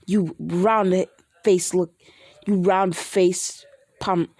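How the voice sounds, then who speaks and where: A woman's voice: on the low side, fairly even intonation, drawn-out words, a little mellow, no echo, exaggerated voice. A woman voicing an angry, hot-tempered teenage boy who snaps insults. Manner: snapping insults.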